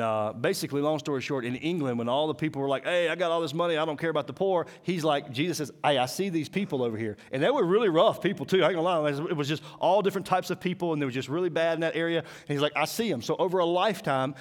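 A man preaching to a school, telling folksy stories, acting out voices and dropping to a hushed, intense tone. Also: fairly high pitch, fast talker. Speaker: school chapel speaker. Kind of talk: sermon.

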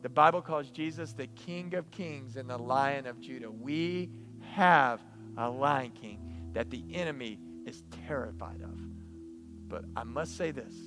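Man, pastor, high voice, animated sermon, faint music behind. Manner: animated, storytelling, emphatic.

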